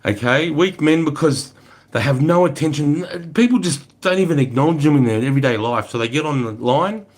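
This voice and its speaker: A man's voice: a little high, lively intonation, brisk. An Australian man in his forties chatting casually on a livestream, answering viewers in a loose, profane way full of "mate" and "bro". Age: 40s. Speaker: livestream host.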